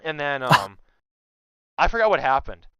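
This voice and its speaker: A young man telling a story in casual chat, animated and loudly acting out what others said. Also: a little high, a little fast, background noise. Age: young adult. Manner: animated, acts out quotes loudly. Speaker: guest.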